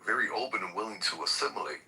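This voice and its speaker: A man's voice: on the low side, fast talker, pushed and bright, far from the mic, poor audio. A man hosting a political talk podcast, ranting in a heated, profane and emphatic way. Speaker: podcast host.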